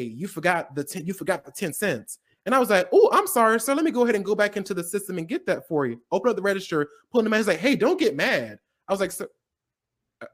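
A young man co-hosting a casual talk show, swearing freely and laughing through his stories. He tells his anecdotes with lively energy. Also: high-pitched. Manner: profane, laughing, animated storyteller. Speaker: co-host. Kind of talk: casual podcast chat.

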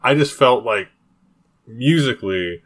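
A man's voice: medium pitch, lively intonation, unhurried, fairly bright tone. A man co-hosting a podcast in laid-back, casual chat who laughs easily. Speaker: podcast co-host.

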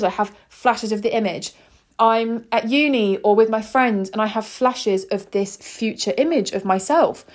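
A woman in her twenties, hosting a podcast and telling a personal story in an earnest, heartfelt, chatty way. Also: a little high. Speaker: podcast host.

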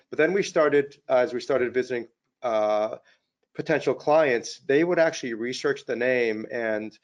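Guest CEO, middle-aged man, average pitch, modest rambling storyteller, slightly muffled recording. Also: normal speed. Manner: modest, anecdotal, many fillers and "you know". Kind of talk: casual interview storytelling. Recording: slightly dull lo-fi audio.

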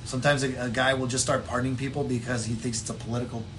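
A man co-hosting a casual political chat podcast, telling stories in a rambling way and doing quick voices for the people in them. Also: medium pitch. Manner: rambling, animated storytelling with voiced impressions. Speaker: podcast co-host.

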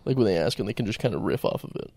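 A man's voice: on the low side, animated, racing, darkish tone, no room sound. A young man, a stand-up comic, chatting loosely on a podcast and laughing often. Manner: laid-back, laughs often. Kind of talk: casual chat.

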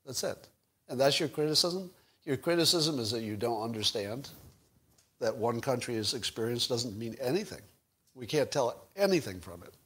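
A man's voice: mid-range voice, lively intonation, moderate pace, fairly bright tone, slightly rough. An older man hosting his own podcast, talking alone in a combative, sarcastic way, rambling with fillers and casual swearing. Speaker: podcast host. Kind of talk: solo livestream commentary.

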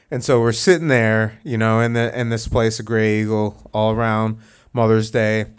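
A man's voice: fairly low pitch, flat delivery, unhurried, clear, resonant tone. A man hosting a podcast, telling a rambling story in casual chat with many fillers and restarts. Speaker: podcast host.

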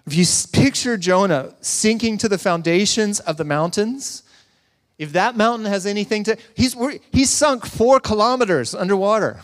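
A man delivers a sermon in a relaxed, conversational way, dropping jokes and questions to the congregation. His voice sits a little high and rings out with the long reverb of a big hall. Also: moderate pace. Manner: conversational preaching with humor and asides to the congregation. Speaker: pastor.

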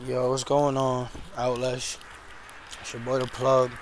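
A man's voice: mid-range voice, a little slow, noisy background. A young man telling a story about his week in a casual, slangy, venting way, recorded outdoors. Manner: slangy, venting, frank and animated. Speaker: vlogger. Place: outdoors, in and around a car.

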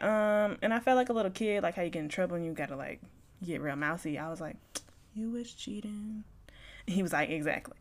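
A young woman tells her own story on a podcast, frank and loose, with plenty of swearing. She plays out both sides of old conversations, dropping to quiet asides and then rising to loud outbursts. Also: medium pitch. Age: young adult. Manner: swings from quiet mumbles to loud bursts. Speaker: podcast host. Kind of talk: candid personal storytelling.

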